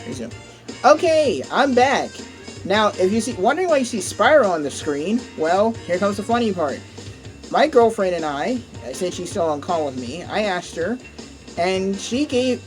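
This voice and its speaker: An excitable young man giving casual, chatty commentary while playing a racing game, cursing at mishaps. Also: high voice. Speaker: gameplay commentator. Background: game music.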